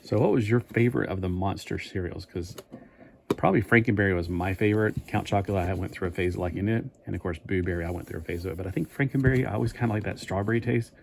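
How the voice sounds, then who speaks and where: Low-voiced man rambling about toys. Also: fast, creaky, noisy background. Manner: rambling, chatty, thinking aloud. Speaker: toy reviewer. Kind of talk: casual toy review vlog.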